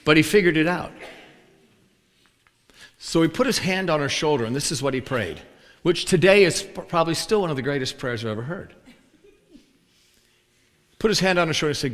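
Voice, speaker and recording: A man's voice: a little high, a little fast, long pauses. A male preacher telling a story in a sermon, acting out the voices of the people in it. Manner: animated storyteller acting out both sides of a dialogue. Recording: long hall reverb.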